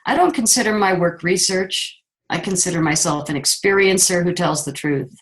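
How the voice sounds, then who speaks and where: A woman's voice: fairly low pitch, normal speed, low-quality recording. A middle-aged woman filmmaker telling a personal story in an interview, acting out what others said. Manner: animated storyteller, acts out quotes of others.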